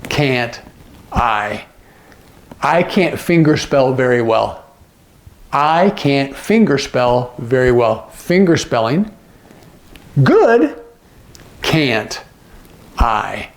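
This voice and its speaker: Slow, patient male sign language teacher. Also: mid-range voice, very animated. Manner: patient, checks in often with "okay?" and "right?"; repeats phrases slowly, gloss by gloss. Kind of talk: instructional explanation.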